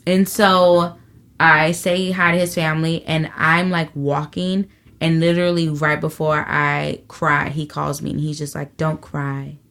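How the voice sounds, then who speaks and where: A woman comedian guest in a casual interview, telling stories in an animated, profane way and acting out quotes. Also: low-pitched, unhurried, gravelly.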